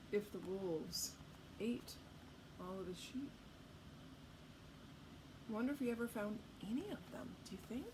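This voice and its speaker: Animated woman reading a storybook to kids. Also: medium pitch, background noise. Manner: animated, asks the listener questions. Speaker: storytime reader. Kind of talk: read-aloud storytime for children.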